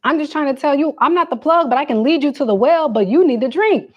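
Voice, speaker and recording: A young adult woman hosting a casual livestream, chatting straight to her viewers in animated, slangy talk. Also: sits high, quick pace, lo-fi sound. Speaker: livestream host.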